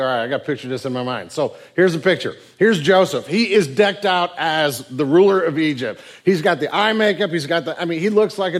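A man preaching a sermon, telling a Bible story in an animated way and acting out its voices. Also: fairly high pitch. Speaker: pastor.

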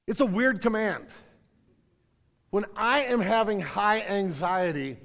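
Male pastor, high voice, earnest sermon delivery with restarts, large reverberant room. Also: lively intonation, unhurried, creaky, fairly bright tone. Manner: earnest, repeats words, rises to emphatic then drops low. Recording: hall reverb.

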